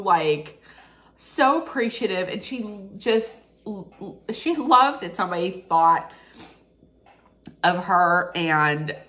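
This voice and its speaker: A woman's voice: medium pitch, fairly bright tone. A woman filming a casual unboxing vlog, gushing and sentimental, rambling with restarts while she gets teary. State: tearful. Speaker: vlogger.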